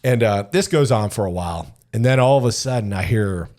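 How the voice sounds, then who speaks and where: Brief: middle-aged American ex-soldier, podcast guest, low voice, loose profane storytelling with acted-out quotes. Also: male voice, fairly quick, a little mellow. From United States. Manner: profane, rambling, fills speech with "like", acts out quoted lines. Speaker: podcast guest, retired Army sergeant major. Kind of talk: casual storytelling.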